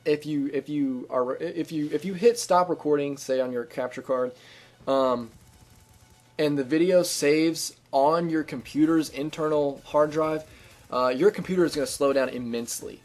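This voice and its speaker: A man's voice: fairly high pitch, moderate pace, darkish tone. A man giving casual gameplay commentary as a gaming video host, chatty and upbeat with lots of ums and restarts. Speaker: gaming YouTuber giving channel tips.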